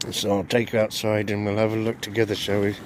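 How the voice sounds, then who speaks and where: A man's voice: fairly low pitch, completely flat delivery, quick pace, background noise. A man vlogging casually to camera from a tent while out camping, rambling and chuckling as he talks. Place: tent outdoors in wind.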